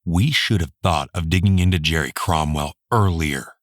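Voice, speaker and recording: A man's voice: low voice, normal speed, no echo, studio quality, natural voice. A man voicing a blunt former Army bodyguard. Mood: determined. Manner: blunt, determined.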